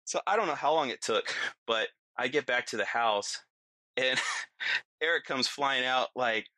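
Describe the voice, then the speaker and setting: A middle-aged man talking as a podcast guest, his voice bright and forward, recorded close and dry with no room around it. He tells his story in loose, animated chat, laughing as he goes and playing out the lines of the people in it. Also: mid-range voice, unhurried, no room sound. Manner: animated, acts out quotes, laughs often. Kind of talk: casual storytelling.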